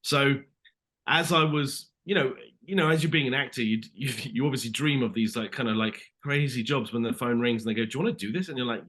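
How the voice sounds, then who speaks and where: A British man in his thirties chats as an interview guest, the words pouring out fast. His voice sounds bright and forceful. He rambles through his stories with plenty of restarts and an easy "mate" thrown in. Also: mid-range voice. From Britain. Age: 30s. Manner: rambling storyteller, many restarts, says mate. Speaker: actor guest. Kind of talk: casual interview chat.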